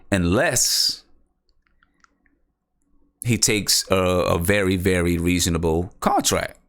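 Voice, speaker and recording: Low-voiced man rambling about basketball. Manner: rambling, repeats himself, thinks aloud. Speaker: basketball podcast host. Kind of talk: casual live-stream sports talk.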